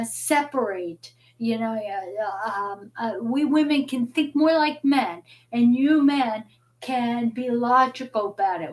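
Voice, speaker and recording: A middle-aged woman hosting a live talk stream, rambling and often repeating words as she restarts her sentences. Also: a little high. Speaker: host.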